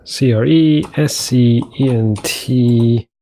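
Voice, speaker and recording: A man's voice: medium pitch, slow, dark tone, slight background noise. A young man hosting a casual game commentary, chatting to himself in a rambling way and repeating words as he works. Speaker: gaming channel host. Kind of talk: casual let's-play commentary.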